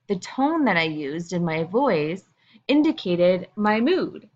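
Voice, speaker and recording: A woman's voice: medium pitch, expressive, a little slow, darkish tone, muffled recording. A woman teacher explaining a lesson to her students in a casual, chatty way, with frequent fillers.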